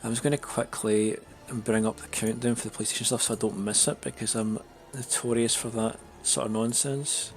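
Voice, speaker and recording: A man chatting casually on a live stream, his throat a little raspy and his nose congested, rambling with many fillers and restarts. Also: mid-range voice, flat delivery, moderate pace, few pauses, faint music behind.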